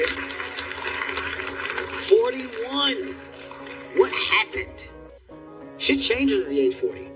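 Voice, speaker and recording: A man in his forties doing stand-up comedy, telling loud, animated stories with shouted outbursts. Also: sits high, distant mic. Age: 40s.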